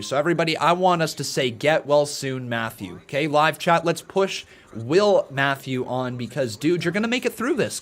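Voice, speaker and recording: Chatty male live-streamer, slightly high voice. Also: a bit bright. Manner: chatty, addresses viewers directly by name; earnest and encouraging. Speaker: streamer hosting a live watch-along. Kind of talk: casual live-stream commentary.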